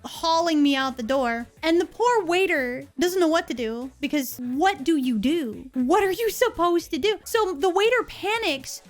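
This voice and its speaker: A young woman telling a story in a casual, animated way and acting out the people in it. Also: measured pace, few pauses. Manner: animated, acts out quoted people in lower voices.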